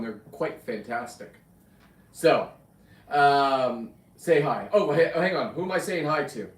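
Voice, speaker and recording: Laid-back guy rambling on a live stream, echoey room, mic set back a bit. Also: mid-range voice. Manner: casual, chatty, rambling, with restarts and cussing asides. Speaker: livestream host, spearfisher and taxidermist. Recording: roomy room, mic at a distance.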